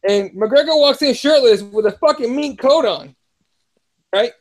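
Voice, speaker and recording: High-voiced man telling fight stories. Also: unhurried. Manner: storytelling, laid-back, reads viewer comments. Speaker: podcast host. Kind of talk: casual fight talk.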